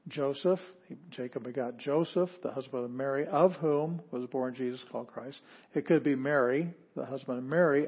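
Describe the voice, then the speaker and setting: A man of medium pitch teaches a lecture on Greek grammar, walking through verses slowly. He repeats key phrases for emphasis and corrects himself mid-thought. The recording sounds dull and lo-fi.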